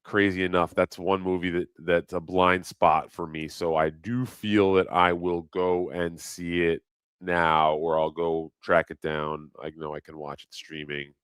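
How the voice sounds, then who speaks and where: A man's voice: deep voice, flat delivery, measured pace, fairly bright tone, smooth, no echo. A middle-aged man rambling crudely in a casual livestream chat, reading comments aloud and laughing at himself.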